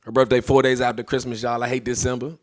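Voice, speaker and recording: A man's voice: mid-range voice, little pitch movement, quick pace. A man in his thirties doing a stand-up comedy set, brash and swearing, acting out the people in his stories.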